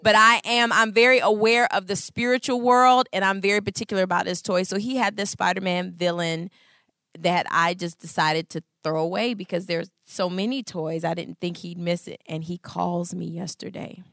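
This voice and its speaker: A woman in her thirties giving a Christian talk on marriage, expressive and full of acted-out voices. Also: on the low side, moderate pace, gravelly, no echo, clean studio sound. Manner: expressive, acts out voices, laughs. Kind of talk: animated storytelling talk.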